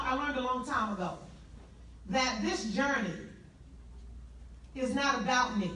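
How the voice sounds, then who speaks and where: A woman from South Carolina with a Southern accent, telling her life story to an audience in an animated way and drawing answers from the crowd. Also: high voice, echoey room, distant mic, slight background noise, low-quality recording. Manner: animated, laughing, call-and-response with the crowd. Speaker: motivational speaker. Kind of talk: testimony speech to an audience.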